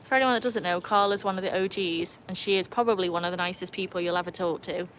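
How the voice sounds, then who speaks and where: Chatting at a quick pace in a lowish, slightly bright voice with fairly even intonation, this woman hosts a casual livestream from her home with a pool, welcoming viewers by name. She has a mixed Birmingham and North Wales accent, being from England and North Wales, and the rough recording carries slight background noise.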